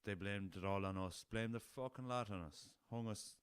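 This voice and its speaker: A man's voice: fairly low pitch, normal speed, clean tone, no echo. A young Irish man from the west of Ireland, a podcast host telling rambling anecdotes in a casual way, swearing freely and chuckling as he goes. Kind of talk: casual storytelling.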